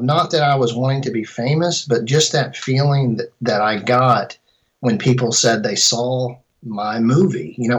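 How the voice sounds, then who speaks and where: A man's voice: medium pitch, poor audio. Rambling middle-aged man telling stories. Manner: rambling, with many restarts and fillers. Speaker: filmmaker and composer guest. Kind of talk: casual interview storytelling.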